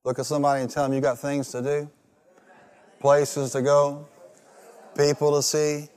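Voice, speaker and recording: A man's voice: on the high side, completely flat delivery, moderate pace, smooth, big-room sound. A male pastor preaching a rousing sermon, leading the congregation in call-and-response. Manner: rousing, call-and-response, rising to loud peaks.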